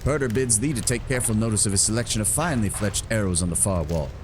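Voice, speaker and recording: A courtly bowyer greets customers with stiff, old-fashioned phrasing, read aloud by a man in a fairly low voice. The delivery is courteous and measured. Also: background noise, natural voice. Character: formal male bowyer shopkeeper, old-fashioned speech.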